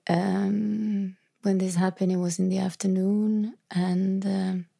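Husky, gravelly woman confiding softly. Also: medium pitch. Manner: reflective, halting, drops into whispery asides. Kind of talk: personal confessional monologue.

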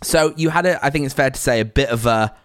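A man hosting an interview, asking measured, probing questions. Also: medium pitch, a bit bright, no room sound, studio quality. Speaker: interview host.

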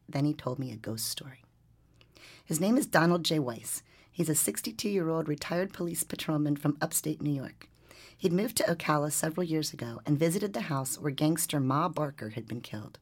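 A woman reporter tells a story with lively energy. Her voice is low and a little husky. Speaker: newspaper reporter, podcast regular. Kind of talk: storytelling and casual chat.

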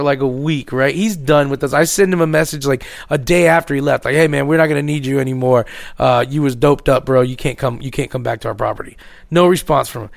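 A man tells a rambling, profanity-laced story. He drops into lower voices to act out the people in it. The sound is close and dry, with no room echo. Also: gravelly. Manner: profane, animated, acts out others in a lower voice. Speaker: podcast co-host telling a story. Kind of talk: casual storytelling chat.

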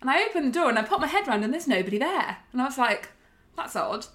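A young woman co-hosting a podcast, chatting casually and telling stories with lively swearing. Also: sits high, very fast. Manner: chatty, swears freely, animated storytelling. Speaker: podcast co-host. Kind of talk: casual chat.

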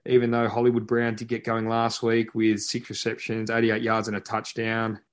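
A man's voice: fairly low pitch, monotone, normal speed. An Australian man co-hosting a podcast, giving sports picks in a matter-of-fact way, full of stats. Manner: matter-of-fact, stat-heavy. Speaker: podcast co-host. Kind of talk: casual sports chat.

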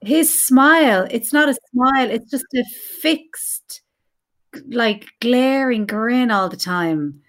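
Higher-voiced, blunt woman. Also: slow pace. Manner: candid, easily amused, blunt. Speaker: podcast co-host. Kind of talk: casual chat.

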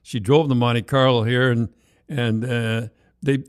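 An older man telling rambling, animated anecdotes in casual chat, with many restarts and laughs. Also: mid-range voice, a little slow, clean tone, no room sound, studio quality. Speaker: storyteller co-host.

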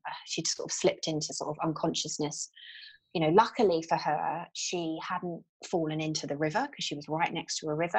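A woman, a guest telling a personal story in an interview, candid and halting with frequent fillers and restarts. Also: low voice, rough recording.

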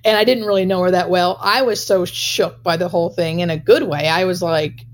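A woman's voice: fairly low pitch, fairly even intonation, fairly quick. A woman hospice nurse telling a personal story in an interview, earnest and emotional, with many filler words.

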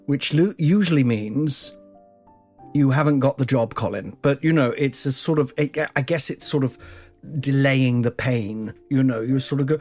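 A man's voice: medium pitch, normal speed, soft background music. A man in his forties hosting a comic podcast, rambling and self-mocking, jumping between silly voices. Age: 40s. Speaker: podcast host, comedian.

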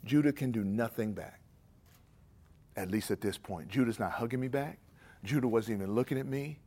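A man's voice: medium pitch, normal speed, breathy edge. Man preaching in a chatty storytelling way. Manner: conversational storytelling, then hushed prayer. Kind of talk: sermon ending in prayer.

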